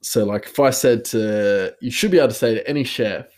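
A man's voice: mid-range voice, brisk, darkish tone. A man, a chef, talking casually on a podcast, rambling and hesitant with plenty of laughs.

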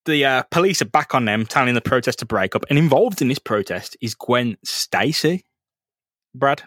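A man co-hosts a podcast, retelling a comic story in loose, sweary, laughing chat. His pitch sits in the middle, and the voice is close and dry with no room echo. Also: expressive, moderate pace, fairly bright tone. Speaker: podcast co-host. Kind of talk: casual comic recap chat.

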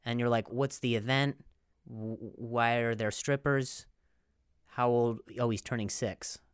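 A man's voice: mid-range voice, steady tone, unhurried, smooth, dry recording, clean studio sound. A man hosting a podcast in a rambling, jokey monologue, stumbling over words and laughing at his own jokes. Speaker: podcast host. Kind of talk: casual comedic monologue.

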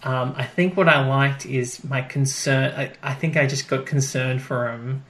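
A man's voice: mid-range voice, steady tone, a little slow, a bit bright. A man co-hosting a podcast, casually recapping an episode and acting out the characters' lines as he retells it. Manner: chatty, acts out characters' lines while retelling. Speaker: podcast co-host.

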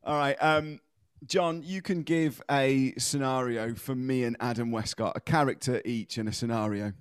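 A man's voice: mid-range voice, fairly even intonation, normal speed, smooth, dry recording, clean studio sound. A man hosting a podcast in casual, jokey chat and steering an improv game. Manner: jokey, loose, swears for laughs. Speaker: podcast host.

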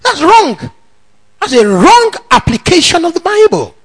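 A man preaching a sermon in a church, shouting bold declarations between slower, emphatic teaching. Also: very high-pitched, wildly swooping pitch, poor audio. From Nigeria. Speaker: pastor.

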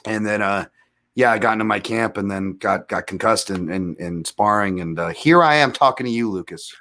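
A man in his thirties, a podcast guest telling rambling, self-deprecating fight stories with animated retellings. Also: fairly low pitch, normal speed. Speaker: guest, MMA analyst. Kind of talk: casual storytelling in a podcast interview.

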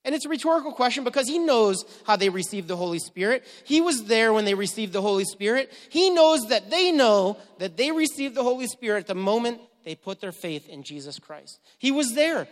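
High-voiced preacher in a reverberant hall. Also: male voice, sing-song, a little fast, hardly any pauses. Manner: preaching with sharp swings from quiet to emphatic. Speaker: pastor. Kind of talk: sermon.

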